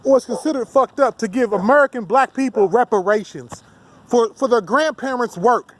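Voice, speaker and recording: Heated, rambling man ranting, high-voiced. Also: normal speed. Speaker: vlogger. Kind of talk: ranting monologue to camera.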